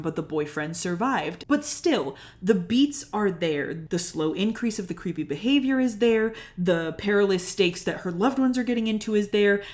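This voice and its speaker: A young woman hosting a comedic movie recap, animated and incredulous, laughing often as she tells the story. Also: lowish voice. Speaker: video essay host.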